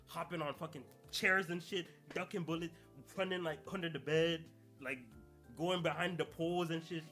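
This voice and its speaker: A man's voice: on the high side, fairly bright tone. A young adult man hosting a podcast, talking in casual, slangy solo commentary and laughing through his rants. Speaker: podcast host.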